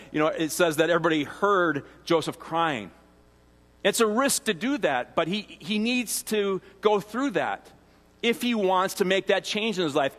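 A pastor giving a sermon in a relaxed, conversational teaching manner, often restarting phrases and adding asides. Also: male voice, sits high. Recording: long reverb of a large hall.

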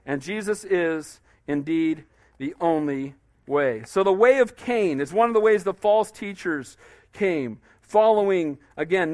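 A man's voice: fairly high pitch, darkish tone, no room sound, clean studio sound. A man pastor preaching in a conversational style, often asking "Amen?" and acting out quotes. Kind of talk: sermon.

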